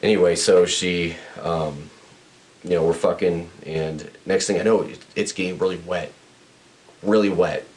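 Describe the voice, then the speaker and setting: A man's voice: low-pitched, fairly even intonation, a little slow, a little mellow. A young man telling a crude story on a podcast, blunt and profane, rambling with restarts. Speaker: podcast host.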